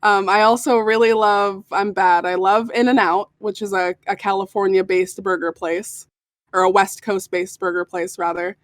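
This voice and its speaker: A young woman, a voice actor answering interview questions in a relaxed, giggly way. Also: medium pitch, moderate pace, no echo, clean studio sound. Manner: giggly, laughs often. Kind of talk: casual interview chat.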